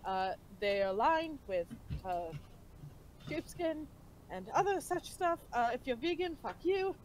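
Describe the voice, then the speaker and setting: A woman voicing a blunt young female rogue in a put-on British accent, offhand and gruff. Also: sits high, very animated, measured pace, darkish tone, a little hiss or hum, rough recording.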